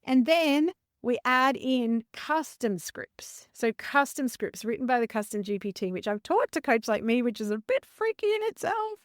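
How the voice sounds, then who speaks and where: A woman's voice: a little high, dry recording. Earnest woman podcast host, dry close sound. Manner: earnest, conversational, self-correcting. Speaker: podcast host and business coach. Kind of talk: podcast monologue.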